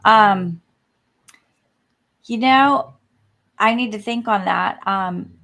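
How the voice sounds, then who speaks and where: A woman who coaches, co-hosting a podcast in a relaxed, agreeable casual chat. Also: medium pitch, drawn-out words.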